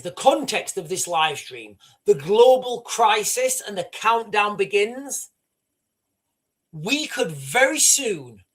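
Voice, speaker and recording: A northern English man hosting a livestream, giving fast, rambling political commentary with many restarts. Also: high voice. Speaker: livestream host.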